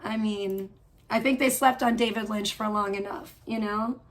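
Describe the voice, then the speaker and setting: A woman's voice: mid-range voice, steady tone, moderate pace. A woman live streaming from home, chatting casually and gushing with lots of filler words.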